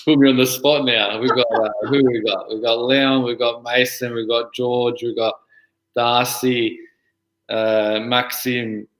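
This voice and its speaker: An Australian man in his thirties chats as a guest on a podcast, rambling along with plenty of filler words. His voice is bright and forward, and it rings in an echoey room. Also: medium pitch, flat delivery, a little slow. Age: 30s. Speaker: guest player and junior coach. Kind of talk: casual interview chat.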